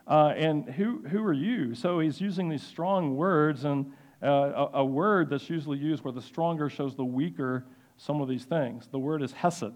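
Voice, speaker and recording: A man with a voice a little above the usual register gives a sermon-style Bible lesson. He talks haltingly and often pauses with fillers and restarts. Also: a little high. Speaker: Bible teacher.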